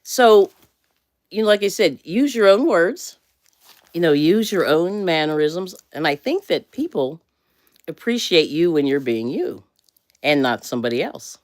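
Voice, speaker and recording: A woman's voice: lowish voice, very animated, unhurried, no room sound, clean studio sound. An American woman hosting a casual motivational livestream, rambling and self-correcting and laughing often. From USA. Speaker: livestream host.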